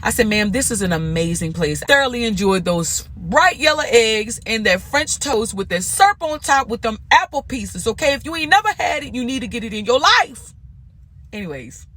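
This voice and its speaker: A woman's voice: fairly high pitch, moderate pace. A young adult woman vlogger telling a casual storytime, chatty and slangy, acting out what people said. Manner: animated, chatty, slangy, quotes people in lively voices. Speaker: vlogger and comedian motivator.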